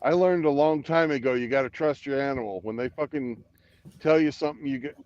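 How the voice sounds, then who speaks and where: A man's voice: mid-range voice, fairly quick, crowd noise. A man in casual chat from his truck's sleeper bunk, laid-back and swearing freely, over lo-fi call audio. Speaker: truck driver on a livestream call.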